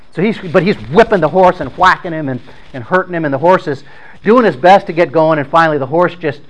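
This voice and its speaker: A man's voice: on the high side, fairly bright tone, poor audio. A man informally retelling a story in plain, conversational words, often repeating and restarting his phrases.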